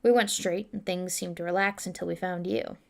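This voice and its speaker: A woman reading the lines of a steady male squad leader in her own voice, matter-of-fact and explanatory. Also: lowish voice, a little fast, gravelly. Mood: plain.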